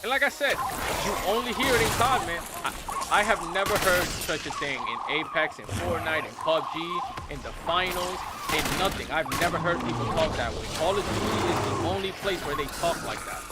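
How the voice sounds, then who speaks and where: A man's voice: a little high, moderate pace, very noisy. A man in his thirties ranting incredulously while he plays, repeating himself as he goes. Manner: incredulous, repetitive, animated. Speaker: gaming streamer. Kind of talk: casual rant while playing.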